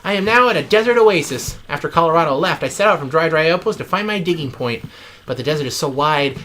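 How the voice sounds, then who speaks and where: A man's voice: a little high, fairly bright tone, a little hiss or hum. A man hosting a let's play, reading in-game text with mock drama and joking asides.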